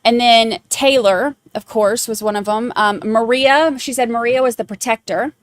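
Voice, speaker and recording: A woman's voice: on the high side, moderate pace, no echo. A woman hosting a true crime podcast, rambling in casual chat with many fillers. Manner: chatty, rambling, lots of fillers.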